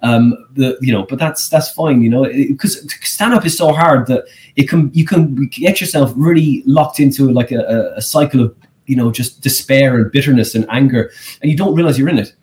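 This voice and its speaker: An Irish man, a comedian and guest, telling rambling, animated stories in a casual podcast interview. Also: normal speed. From Ireland. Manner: animated, rambling storyteller with pitch leaps.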